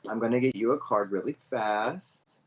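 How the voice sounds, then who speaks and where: A man's voice: mid-range voice, normal speed, a little hiss or hum. Earnest man reading for viewers, lo-fi audio. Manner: earnest, chatty, addresses viewers directly. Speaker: psychic medium reader. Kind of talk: live online psychic reading.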